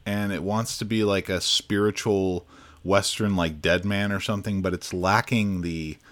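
A man's voice: low-pitched, steady tone, moderate pace, a bit bright. A man co-hosting a film podcast, giving casual, opinionated reviews and laughing easily.

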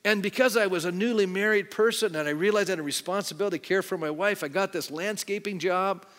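A middle-aged pastor with a high, somewhat bright voice talks fast as he preaches in a church sanctuary. His sermon, which ends in an altar call, is conversational and peppered with questions to the congregation, heard through long hall reverb and faint background music.

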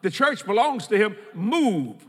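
A man preaching in a church with a high, bright, ringing voice. He drives his points home by repeating lines and reading scripture aloud. The sound carries a long hall reverb. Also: big pitch swings, a little slow, husky. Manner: preaching with emphatic repetition, quoting scripture. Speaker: pastor. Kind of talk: sermon.

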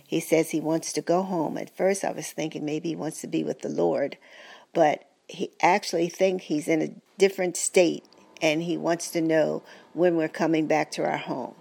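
Older woman caregiver, lowish gravelly voice, gentle faith-filled testimony. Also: fairly even intonation, normal speed. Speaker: caregiver of a husband with dementia. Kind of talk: personal testimony.

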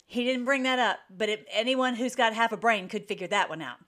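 A woman hosting an online show, giving emphatic, rapid-fire political commentary between video clips. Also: a little high, fairly bright tone.

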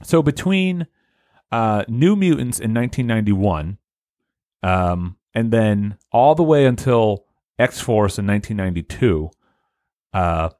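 A man's voice: on the low side, dry recording, clean studio sound. A man hosting a casual comedy podcast, joking around and filling gaps with lots of "uh". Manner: animated, joking, halting with many fillers. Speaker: podcast host.

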